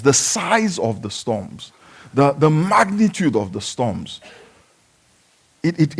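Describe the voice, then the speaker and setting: A male pastor preaching a sermon, swinging between shouted exclamations and quiet teaching, and calling on the congregation to respond. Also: on the high side, slightly rough.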